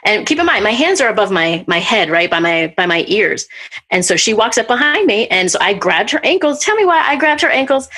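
A woman hosting a podcast, chatting casually and telling a personal story with lively, acted-out retellings. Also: mid-range voice, fairly quick. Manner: animated storyteller, acts out what people said. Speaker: podcast host.

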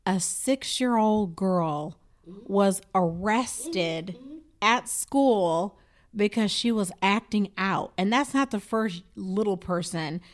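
A woman's voice: mid-range voice, takes it slowly. A woman co-hosting a casual discussion, talking in an impassioned, emphatic way.

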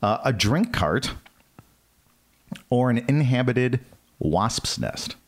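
A man's voice: mid-range voice, slow. A man co-hosting a casual comedy podcast, reading out quiz items and laughing often. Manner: animated, laughs often, reads items off a list. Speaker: podcast co-host running a quiz.

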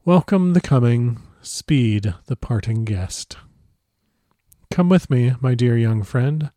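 A man voicing a suave, sinister old male vampire count who speaks with smooth, soft courtesy. The recording is dry. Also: mid-range voice, measured pace, no room sound, close to an everyday voice. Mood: courteous.

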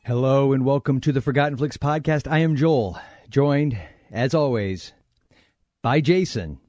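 A man's voice: medium pitch, a little slow, darkish tone, no room sound, clean studio sound, faint music behind. A man hosting a podcast in casual chat, joking and rambling with frequent laughs. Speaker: podcast host.

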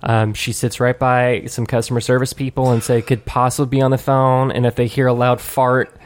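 A man co-hosting a casual chat, rambling and halting but good-natured. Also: medium pitch, level tone. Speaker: podcast co-host.

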